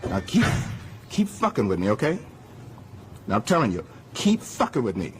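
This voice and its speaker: A man's voice: lowish voice, huge pitch swings, moderate pace, music in the background. A man, a city councilman, angrily refusing questions in a news interview and repeating profane threats. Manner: angry, threatening, profane, repetitive.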